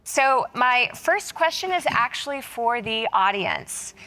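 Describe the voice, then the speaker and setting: A woman moderating a panel, speaking excitedly to a live audience. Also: fairly high pitch, slow. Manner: excited, upbeat.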